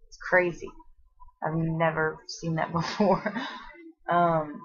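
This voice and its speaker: A young pregnant woman with a low, husky voice gives a casual pregnancy update vlog while seated at home, speaking slowly in a level tone. She's chatty and rambling, with many fillers, trailing off and restarting, and sounds short of breath. The recording has a dull, lo-fi home-video quality.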